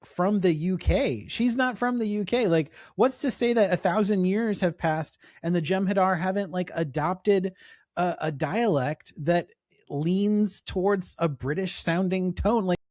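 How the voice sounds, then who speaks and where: A man's voice: high-pitched, unhurried, darkish tone, no echo, studio quality. A man in his forties hosting a podcast, in casual chat with a laid-back, joking manner. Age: 40s. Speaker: podcast host.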